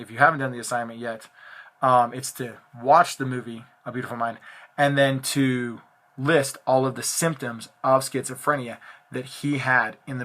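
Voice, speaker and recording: A man's voice: mid-range voice, sharp tone. A male teacher telling a story to his students in a loose, chatty way, with lots of filler ums, recorded on a phone at home. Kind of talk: casual storytelling lecture to students.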